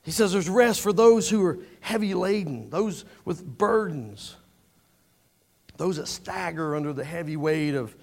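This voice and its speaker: A man's voice: fairly high pitch, animated, a little slow, vocal fry. A man preaches in a church. His delivery is earnest and conversational. He often doubles back on words as he builds his points. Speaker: pastor. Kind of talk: sermon.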